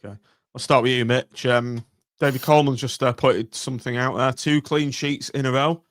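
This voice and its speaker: A man hosting a casual football podcast, briskly steering the talk and calling on each guest. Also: medium pitch, fairly even intonation, dry recording, studio quality. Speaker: podcast host.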